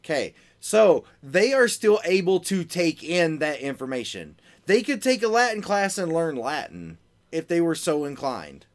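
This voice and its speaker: A man's voice: fairly high pitch, big pitch swings, a little slow. A man co-hosting a podcast in casual chat, laid-back and teasing. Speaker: podcast co-host.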